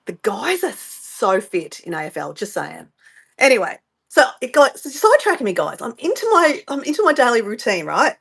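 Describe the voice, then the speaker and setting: A woman's voice: on the high side, huge pitch swings, moderate pace, vocal fry, a bit bright, slightly rough. A woman with an Australian accent, from Southeast Queensland, chatting casually while hosting a livestream from her home and rambling off on tangents. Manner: rambling, chatty, easily sidetracked. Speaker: livestream host. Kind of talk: casual live-stream chat.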